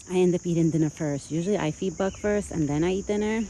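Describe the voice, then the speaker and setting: A vlogger feeding a deer outdoors, switching between soft, sing-song baby talk to the animal and relaxed, chatty asides to the viewer. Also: mid-range voice, fast talker, few pauses, a little hiss or hum. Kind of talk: casual vlog narration mixed with talk to an animal. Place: outdoors in a rural yard. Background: crickets and faint outdoor ambience.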